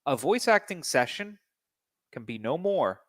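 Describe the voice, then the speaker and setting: A man's voice: on the high side, very animated, unhurried. A man co-hosting a podcast, explaining his points in casual, opinionated chat.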